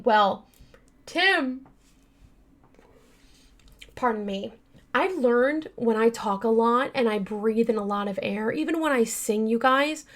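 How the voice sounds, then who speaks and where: Woman true-crime podcaster, bright higher voice, rambling casual delivery full of fillers, earnest, yawns at times. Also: animated, slow, pauses often. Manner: chatty, many fillers, addresses listeners as you guys; earnest and upset by the case. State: yawning now and then. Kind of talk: casual storytelling.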